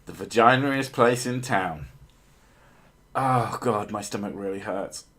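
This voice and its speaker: A man with a lowish voice chats in a slow, unhurried drawl. He trades crude, joking banter and breaks into silly voices now and then. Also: a bit bright, husky. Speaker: podcast host. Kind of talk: casual chat.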